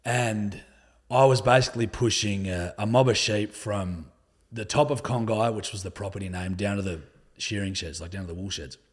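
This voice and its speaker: A man's voice: on the low side, moderate pace, breathy edge. A young Australian man telling stories in a casual, laid-back way, swearing often and filling his talk with "like". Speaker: podcast guest. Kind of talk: casual conversational storytelling.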